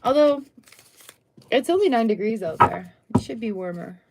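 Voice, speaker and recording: A woman's voice: medium pitch, very animated, fairly quick, gravelly. A middle-aged woman doing a casual, chatty tarot reading on a live stream, full of upbeat exclamations. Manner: chatty, upbeat, exclamations and little sung bits.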